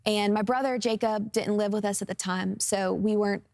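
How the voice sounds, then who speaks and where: In a clean, dry studio recording, a roughly twenty-year-old guest singer opens up about her personal testimony during an interview. Her medium-pitched voice is steady, gravelly, and a little mellow at a moderate pace, and she talks earnestly with plenty of "um"s and "like"s.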